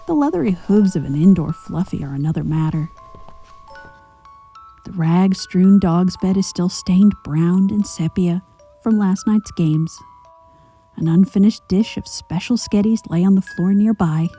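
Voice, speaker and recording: Female narrator for a grim story read-aloud: very dark, husky, measured. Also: on the low side, faint music behind. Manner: measured, slipping into hushed whispers.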